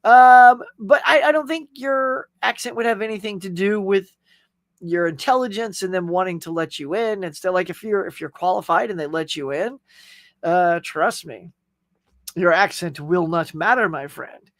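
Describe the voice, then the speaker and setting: A man's voice: high-pitched, moderate pace, fairly bright tone, no echo, clean studio sound. A man hosting a casual live chat show, rambling in a friendly, talkative way as he answers viewer comments. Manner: rambling, chatty, friendly, with frequent fillers and laughs. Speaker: host.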